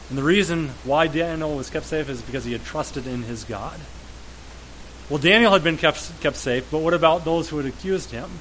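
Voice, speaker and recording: A man's voice: on the high side, a bit bright, slight background noise, low-quality recording. A man preaching a sermon, retelling a scripture story in a storytelling way and repeating words as he goes.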